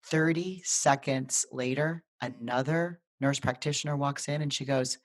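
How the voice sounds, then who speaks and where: Co-host, mid-pitched, casual animated storyteller, trips over words and restarts a lot. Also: a little slow. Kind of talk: casual live video chat, telling a personal story.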